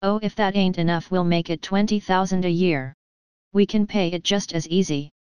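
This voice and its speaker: A woman reading the lines of a boastful, pushy male con man who runs a company, in her own low, very smooth voice. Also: fairly even intonation, normal speed, darkish tone, no room sound, natural voice. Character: brash fast-talking male con-man company president. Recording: dry, slightly dull lo-fi.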